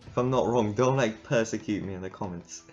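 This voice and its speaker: A man talks his way through a game in loose, rambling commentary and laughs often. His voice sits on the low side. The recording is dull and lo-fi, with soft game music underneath. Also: fairly quick. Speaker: gamer. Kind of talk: casual gameplay commentary.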